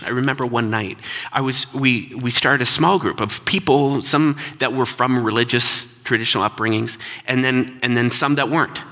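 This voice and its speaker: Husky-voiced male pastor in reverberant hall. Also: mid-range voice, sharp tone. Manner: conversational, reflective, repeats words when emphatic. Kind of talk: sermon storytelling.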